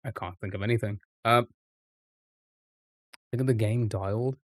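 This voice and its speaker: A man streaming live, thinking aloud over a word puzzle with frequent pauses and restarts. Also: fairly low pitch, steady tone, no room sound, studio quality. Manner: halting, restarts often, muses aloud.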